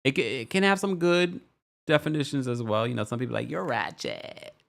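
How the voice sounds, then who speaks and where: Sassy young guy doing a reality show recap, mid-pitched, lively swoops up and down. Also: quick pace, gravelly. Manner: animated, sassy, acts out quotes in a high voice. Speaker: recap host. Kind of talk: casual commentary recap.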